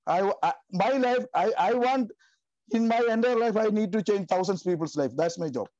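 A man in his fifties giving an emotional, passionate testimony in halting, repetitive phrasing. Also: high voice, warm tone, no echo, muffled recording. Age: 50s. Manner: passionate, repetitive, non-native grammar. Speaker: team member giving a testimony.

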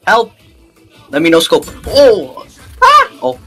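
A man chatting excitedly with friends while playing an online shooter, yelping and laughing under fire. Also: sits high, slow, gravelly, soft background music. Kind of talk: casual gameplay chat.

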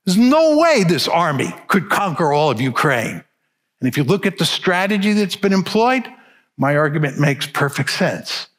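A man's voice: on the high side, sing-song, moderate pace, a bit bright. An older man giving a public lecture, arguing his case emphatically and stressing key words. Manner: emphatic, argumentative.

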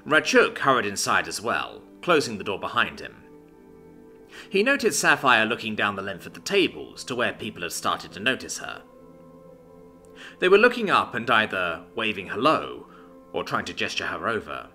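A man narrating a fantasy story in an expressive storytelling manner. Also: lowish voice, normal speed, soft background music. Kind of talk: scripted narration.

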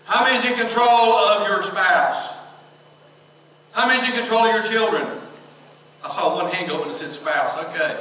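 High-voiced pastor preaching in an echoey church. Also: male voice, sharp tone, slight background noise. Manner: call-and-response preaching, reads scripture slowly, tells jokes. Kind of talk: sermon. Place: church sanctuary. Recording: echoey church hall from far off.

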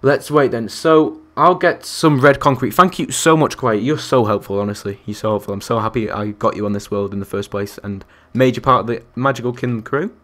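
Young guy live streaming a game, chatty, counts blocks out loud, talks to chat. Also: medium pitch, brisk, hardly any pauses. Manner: chatty, counts aloud, reacts to chat and other players. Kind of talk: live gameplay commentary.

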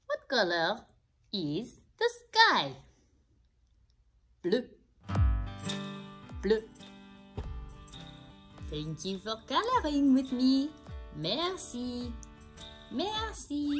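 A woman's voice: a little high, exaggerated voice. Woman voicing a sing-song furry puppet teacher. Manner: slow, exaggerated, sing-song repeating for kids. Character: cheerful blue-haired furry puppet teacher. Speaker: children's French teacher. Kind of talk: children's puppet lesson.

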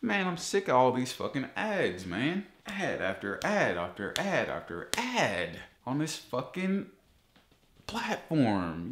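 A man vlogging, ranting about ads with heavy swearing, his voice jumping up high when he gets exasperated. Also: very animated, a little slow, a bit bright, echoey room. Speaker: YouTuber. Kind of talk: casual ranting vlog.

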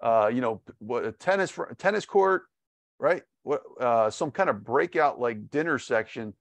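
A man hosting a podcast, chatting casually and upbeat, stumbling through restarts. His voice sits at an everyday pitch. It has a dry, close sound with little room. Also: animated, unhurried, no room sound. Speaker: podcast host. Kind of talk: casual interview.

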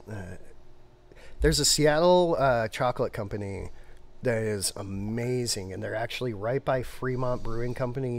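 A man co-hosting a casual brewing livestream, talking in a rambling, animated, digressive way. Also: medium pitch. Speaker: brewer and show co-host.

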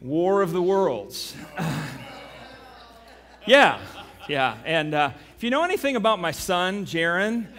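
A man preaching a sermon as pastor. He tells a story with animation and then turns quiet and earnest. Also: high-pitched, sing-song, takes it slowly. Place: church sanctuary. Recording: long reverb of a church hall.

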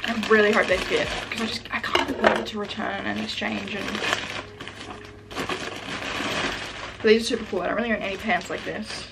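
A young woman vlogger chatting casually while unboxing packages at home, gushing and excitable, full of "like" fillers. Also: mid-range voice, moderate pace, creaky, pauses often, heavy background noise. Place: room at home. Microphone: camera set up in front of her.

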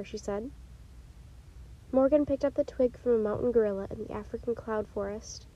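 A woman reading a children's chapter book aloud in a gentle, unhurried storytelling way, with a few small slips. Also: a little high, highs cut off. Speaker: storytime reader.

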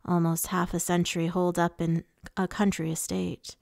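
A woman's voice: lowish voice, little pitch movement, normal speed, gravelly, a little mellow, no echo, clean studio sound. A woman reading the lines of a suave, menacing male fae lord, with a purring, taunting delivery.

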